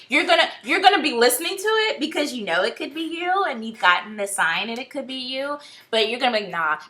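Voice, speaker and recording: A woman reading tarot cards in a casual, blunt, talkative vlog style, often exasperated and swearing now and then. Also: a little high. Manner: chatty, blunt, animated, swears. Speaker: tarot reader.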